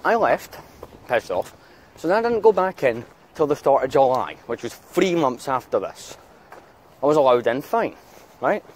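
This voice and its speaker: A man's voice: mid-range voice, sing-song, normal speed, long pauses, a little hiss or hum. A man vlogging outdoors in town, chatting casually and ranting with heavy swearing. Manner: angry swearing rant. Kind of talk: casual vlog chat.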